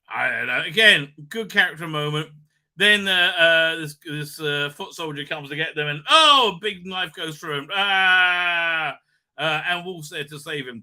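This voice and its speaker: A man's voice: fairly high pitch, sharp tone, clean tone. A man hosting a casual live recap stream, rambling with lots of fillers and cheerful swearing.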